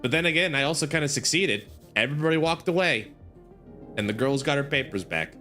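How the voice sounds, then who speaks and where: A man's voice: a little high, brisk, faint music behind. A young man streaming a game, reading its dialogue aloud and reacting with exasperated, swearing commentary. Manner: animated, exasperated, swears freely.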